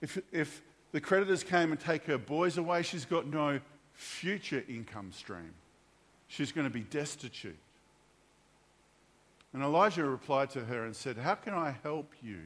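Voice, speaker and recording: A man preaching a sermon, telling a story with animated character voices and frequent restarts. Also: fairly high pitch, measured pace, in a large hall. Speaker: pastor.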